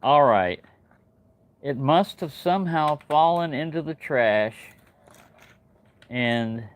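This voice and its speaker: A man's voice: a little high, lively intonation, slow. A man hosting a casual livestream, telling a long story in a rambling way, with many fillers and restarts. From New Mexico. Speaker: channel host. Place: home in Texas.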